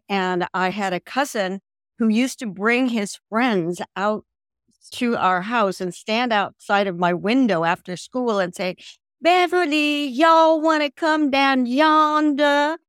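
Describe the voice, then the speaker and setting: An older woman from the American South, a guest on a video-call interview, telling her story in a lively way and mimicking voices. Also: medium pitch, no echo, studio quality. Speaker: guest, language program founder.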